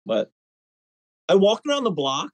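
A man in casual conversation, telling stories in an animated way, with lots of fillers and restarts. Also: high-pitched, unhurried, no room sound, rough recording. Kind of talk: casual chat.

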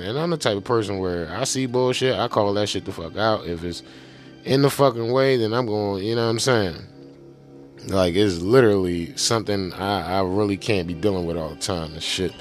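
A man hosting his political commentary show in a casual, profane rant, full of slang and "you know what I'm saying" tags. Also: on the low side.

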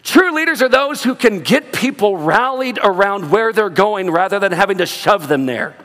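High-voiced man preaching in a hall. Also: normal speed. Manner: animated preaching, acts out quoted voices. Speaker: pastor. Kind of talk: sermon. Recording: long reverb of a large hall.

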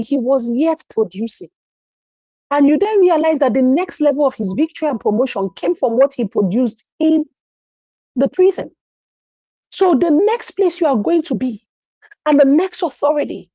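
A woman's voice: on the high side, dark tone, slightly rough, dry recording, poor audio. A woman preaching a sermon in church, firing rhetorical questions and acting out short scenes. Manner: emphatic, asks rhetorical questions, acts out little scenes.

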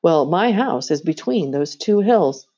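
A woman's voice: low voice, animated, a little slow, warm tone, slightly rough, muffled recording, exaggerated voice. A woman voicing a cold, scheming queen who coaxes a boy with sweet, commanding persuasion, in a storybook reading. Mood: coaxing.

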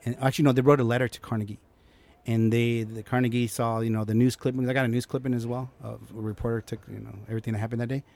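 A young man, a guest in a casual interview, telling a personal story with lively acted-out quotes and frequent restarts. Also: mid-range voice, very fast. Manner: animated, acts out quotes, many restarts.

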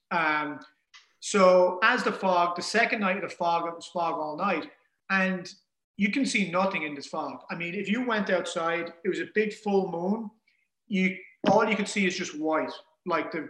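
Man, high voice, animated casual storytelling, roomy echo. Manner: animated, acts out quoted dialogue. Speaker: guest telling an ocean rowing story.

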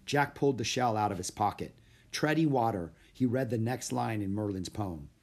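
A man narrating a children's storybook with a gravelly, creaky edge to his voice. His reading swings up and down with lively expression, keeping each scene moving. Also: fairly low pitch, normal speed. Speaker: audiobook narrator.

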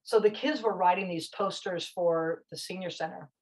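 A woman guest with a somewhat low voice tells a story with passion and emphasis. She talks in a chatty, animated way, pushing hard on her key points. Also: moderate pace, low-quality recording.

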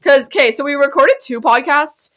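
A young woman from Canada co-hosting a casual podcast, rambling and giggling with sudden loud outbursts. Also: sits high, moderate pace. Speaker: podcast co-host. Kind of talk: casual chat.

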